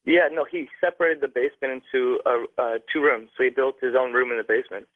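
A man's voice: mid-range voice, fairly even intonation, dry recording. Young man telling a tale down a phone line. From Canada. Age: young adult. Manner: halting, many fillers and restarts. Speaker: caller. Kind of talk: phone-in storytelling. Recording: tinny dry phone line.

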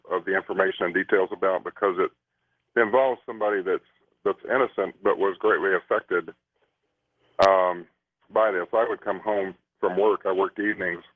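A male guest haltingly recounting his own experience during an interview. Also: deep voice, no echo. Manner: hesitant, halting. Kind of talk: personal account in an interview. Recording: phone-line sound.

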